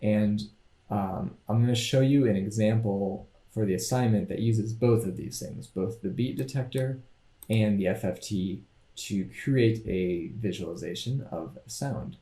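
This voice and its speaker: A man teaching a coding lecture over his screen, explaining each step in a relaxed, thinking-aloud way. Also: lowish voice, unhurried, reverberant. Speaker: instructor.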